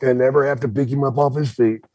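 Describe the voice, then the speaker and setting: A man with a husky voice chiming in with relaxed, low-key asides in casual conversation. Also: quick pace, no room sound. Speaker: guest.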